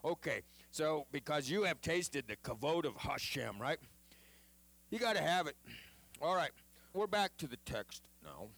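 Animated preacher, fairly high voice. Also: male voice, measured pace, vocal fry, dry recording. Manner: animated, chatty teaching with jokes and acted quotes. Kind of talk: sermon.

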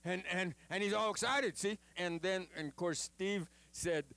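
Animated male preacher, higher-pitched voice, dry close sound, chatty and joking. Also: a little slow, dry recording. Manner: animated, chatty teaching with jokes and acted quotes. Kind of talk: sermon.

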